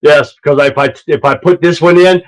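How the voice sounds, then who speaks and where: A man hosts a casual livestream, loud and rambling as he reacts to clips. His voice sits a little high. He talks into an earpiece mic. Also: steady tone, fairly quick, poor audio. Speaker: livestream host.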